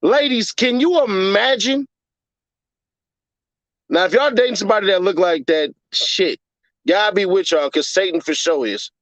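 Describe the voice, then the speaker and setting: A man's voice: high voice, a little slow, long pauses, a bit bright, no echo. A man, hosting a casual livestream and ranting with profane jokes. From Chicago, USA. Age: 30s. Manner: profane joking rant, puts on mocking voices. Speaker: livestream host.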